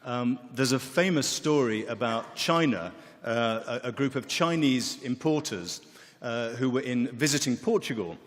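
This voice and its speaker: A man giving a conference talk, relaxed and joking, with many fillers. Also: mid-range voice. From England. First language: English. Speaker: wine expert, keynote speaker. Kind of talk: conference keynote with anecdotes. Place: conference hall. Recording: long reverb of a large hall.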